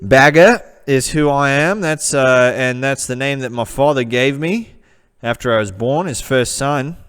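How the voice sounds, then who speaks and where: A man's voice: medium pitch, a little slow, fairly bright tone, clean tone, close to an everyday voice. A man voicing a rambling young man from the Australian outback with a put-on Australian accent, hesitant and full of fillers, in a comedy character vlog.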